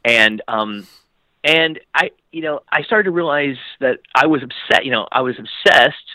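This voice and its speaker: Bright-voiced man telling showbiz stories. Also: moderate pace, dry recording, low-quality recording. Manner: animated, jumps into high voices when quoting people; rambling with many fillers and restarts. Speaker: guest actor. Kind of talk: casual storytelling interview.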